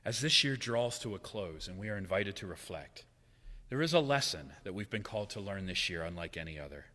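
A man preaching a sermon in a conversational, joking way, swinging from loud, lively lines to hushed, quiet ones. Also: low voice, fairly quick, big-room sound. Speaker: pastor.

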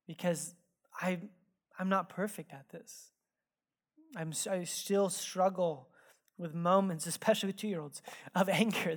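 A man preaching a sermon, telling stories from his own life in a casual, animated way full of "like" asides. He drops into hushed, earnest tones when he turns reflective. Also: a little high. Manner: casual, animated, filler-heavy delivery. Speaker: pastor. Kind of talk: sermon with personal storytelling. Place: church sanctuary.

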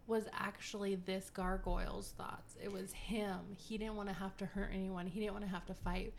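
A woman's voice: medium pitch, little pitch movement, moderate pace, hardly any pauses, slight background noise. A woman co-hosting a podcast, recapping a novel in casual chat, swearing freely and acting out the characters' lines. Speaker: podcast co-host.

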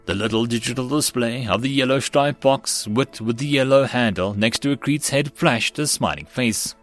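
Guy reading a sci-fi web novel audiobook, steady mid voice, bit of music in the back. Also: medium pitch, moderate pace. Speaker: audiobook narrator. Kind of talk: audiobook narration.

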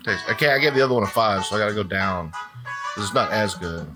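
A man's voice: fairly low pitch, animated, quick pace, music in the background. A man co-hosting a casual beer-tasting podcast, wisecracking and teasing the others. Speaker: podcast co-host.

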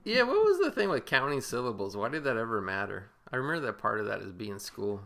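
A man's voice: medium pitch, sing-song, fast, vocal fry, a bit bright. A man co-hosting a casual movie commentary podcast, rambling and swearing loosely with lots of fillers. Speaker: podcast co-host.

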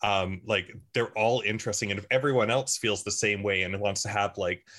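Low, bright-voiced man player. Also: steady tone, a little fast. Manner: hesitant, filler-heavy. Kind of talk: casual podcast chat.

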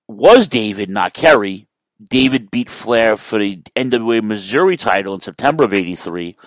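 Rambling low-voiced man, dry sound. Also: dry recording, poor audio. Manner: rambling, self-correcting, profane. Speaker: wrestling history commentator. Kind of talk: casual monologue.

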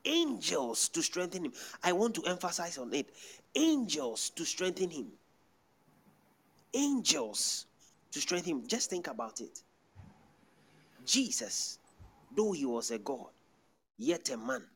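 A man's voice: a little high, a little slow, pauses often, slightly rough. A man preaching a sermon to a congregation, calling out and speaking in tongues between scripture. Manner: preaching with lively rising calls. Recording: music playing behind.

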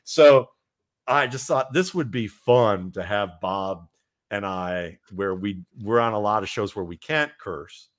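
A man's voice: on the low side, measured pace. A talkative man chatting as a podcast guest, rambling with many restarts. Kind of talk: casual podcast conversation.

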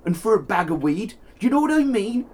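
A man's voice: high voice, very animated, quick pace, darkish tone, slight background noise, pitched above the performer's own voice. A man putting on the voice of a brash, defiant young man who talks in slang. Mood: cocky. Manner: slangy and swaggering, says bruv and innit. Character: brash young male defendant, cocky, defiant.

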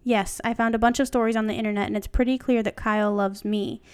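A woman reading aloud the lines of a smug, scheming boy from a fan story, in a smooth voice. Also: a little high, fairly even intonation, fast talker, no echo, close to an everyday voice.

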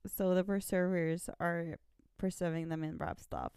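Unhurried woman retelling a story. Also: lowish voice, fairly even intonation, a little mellow, smooth, no room sound, clean studio sound. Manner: retells the story, often saying "like". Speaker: podcast co-host. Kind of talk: casual chat about a comic series.

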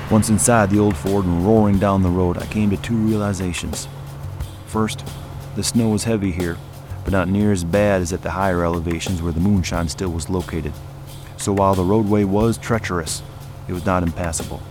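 Deep-voiced man narrating a somber tale. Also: fairly even intonation, moderate pace, music in the background. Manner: hushed, somber storytelling. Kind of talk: scripted first-person narration.

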